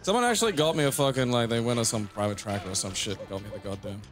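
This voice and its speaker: A man's voice: medium pitch, racing, over music. A man co-hosting a let's play, chatting casually in a teasing, sarcastic way and swearing freely. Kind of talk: casual gameplay banter.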